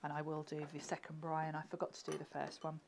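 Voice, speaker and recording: A woman's voice: sits low, monotone, fast, vocal fry, darkish tone, a little hiss or hum. Giggly woman demonstrating crafts. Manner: chatty, giggly, often drops to a murmur while working.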